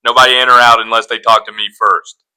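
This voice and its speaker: Man doing a bossy cartoon cop, bright and punchy, barking orders. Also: medium pitch, little pitch movement, fast talker, smooth, rough recording. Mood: commanding. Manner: barking orders, self-important. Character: gruff cartoon male police officer.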